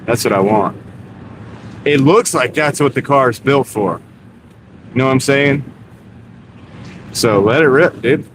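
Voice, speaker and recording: Behind the wheel of a moving car, the North Carolina livestreamer and delivery driver speaks a little slowly with frequent pauses, his voice mid-range. He's laid-back, throws around "dude," and chats with viewers over road noise via a wireless clip-on mic.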